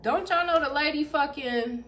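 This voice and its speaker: A young adult woman talking loud and animated, with a lot of swearing, in a casual storytime vlog filmed at home on camera. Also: sits high, moderate pace, background noise. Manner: loud, animated, profane chatter. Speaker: YouTuber. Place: home room with backlight. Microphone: camera in front of her.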